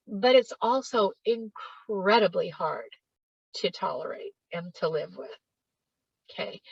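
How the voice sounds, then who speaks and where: A middle-aged woman leads a parenting workshop over a video call at a mid pitch, stressing points by saying words again and again. The audio is muffled and lo-fi, with a close, dry sound and no room echo. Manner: emphatic, repeats words for stress. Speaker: parenting educator.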